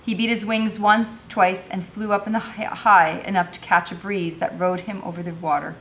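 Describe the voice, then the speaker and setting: A woman's voice: medium pitch, steady tone, moderate pace, a bit bright. A woman teacher reading a novel aloud, narrating expressively.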